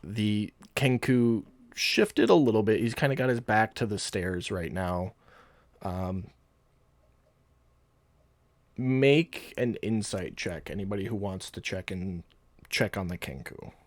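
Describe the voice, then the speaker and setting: A man running a tabletop game as game master, narrating scenes in a relaxed, rambling manner. His voice sits on the low side and sounds dry and close to the mic. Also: unhurried, dry recording.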